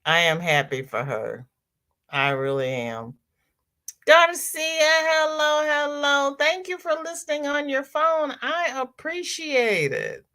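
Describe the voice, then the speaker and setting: Southern woman host, slow, bright voice, chatty, repeats herself. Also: high-pitched, animated. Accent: Southern American. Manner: chatty, repeats herself, greets viewers by name. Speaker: crochet livestream host. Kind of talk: casual livestream chat reading comments.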